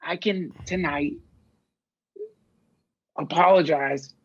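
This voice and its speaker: A man's voice: fairly high pitch, takes it slowly, breathy edge, dull audio. A man guest on a podcast, rambling and swearing as he searches for words in casual conversation.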